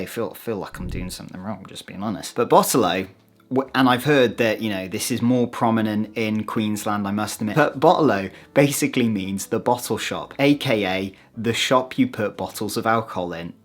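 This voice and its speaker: Chatty British man, self-mocking jokes. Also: lowish voice. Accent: British English. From United Kingdom. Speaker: vlogger. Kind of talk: casual talk to camera.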